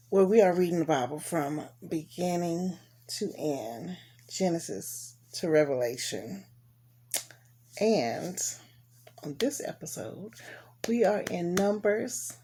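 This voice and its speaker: A woman hosting a casual Bible reading, chatty and relaxed, recapping chapters between readings and sounding cold and sleepy. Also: lowish voice, slight background noise. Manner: relaxed, chatty, with fillers and Southern US colloquialisms.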